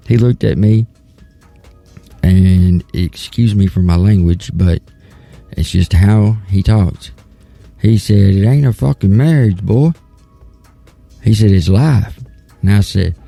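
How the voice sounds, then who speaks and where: A man's voice: deep voice, creaky, warm tone. A man in his thirties hosting a talk show, giving a casual, rambling and earnest monologue that often restarts its thoughts. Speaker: podcast host.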